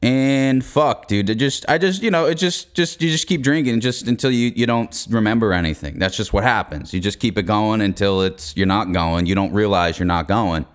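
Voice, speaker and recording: This young podcast host tells a comic story at normal speed with barely any pauses, his lowish voice clear and resonant. He's easygoing and profane, chuckling as he goes.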